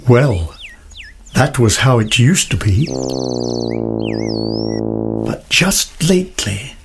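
A woman reading a children's picture book aloud with gentle, expressive storytelling. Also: a bass voice, takes it slowly, creaky, music in the background. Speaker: storybook narrator.

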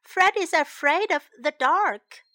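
A woman's voice: very high voice, expressive, slow pace, fairly bright tone, no room sound, studio quality, voice pushed up, full character voice. A woman voicing a small, worried boy in a children's storybook reading, speaking earnestly. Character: small anxious boy who lost his dog.

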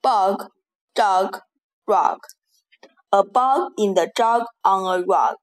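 Very slow woman reading rhymes. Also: medium pitch. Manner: slow, deliberate word-by-word reading. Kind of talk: slow rhyming lesson for children.

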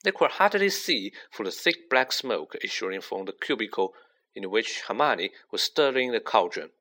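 A man narrating a children's fantasy novel as an expressive audiobook reading. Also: fairly low pitch, normal speed. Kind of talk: scripted storybook narration.

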